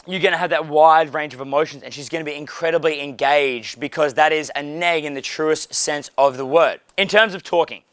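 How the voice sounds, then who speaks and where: A man's voice: fairly high pitch, a bit bright, dry recording, clean studio sound. A young man coaching a small group in a casual way, blunt and profane, with frequent fillers. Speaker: dating coach.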